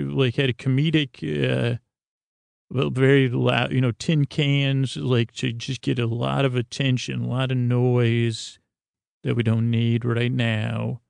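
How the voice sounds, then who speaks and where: A man's voice: medium pitch, creaky, darkish tone, no room sound, clean studio sound. A man narrating a tabletop game as game master, rambling with many fillers and restarts.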